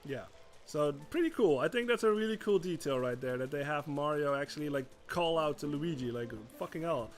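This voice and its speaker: A man's voice: a little high, expressive, fairly quick, soft background music. A man streaming a video game, chatting casually as he plays, laughing often and swearing freely. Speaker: gaming streamer. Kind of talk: gameplay commentary.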